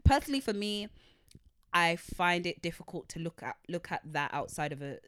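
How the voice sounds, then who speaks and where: A woman's voice: fairly low pitch, big pitch swings, moderate pace, fairly bright tone, smooth, no echo, clean studio sound. A woman co-hosting a podcast, chatting casually and emphatically while steering the talk. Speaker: podcast co-host. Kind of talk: casual chat.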